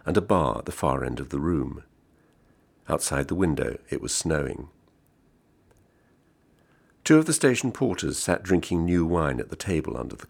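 A man reading a literary short story aloud in a measured, understated way. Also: a bass voice, creaky, breathy edge. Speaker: reader.

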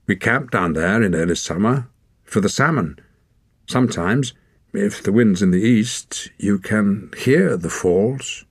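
A man's voice: lowish voice, expressive, measured pace, husky, no room sound, studio quality, voice pushed up, exaggerated voice. Wren, a man voicing a stubborn young forest girl. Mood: explaining. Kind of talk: audiobook character voice.

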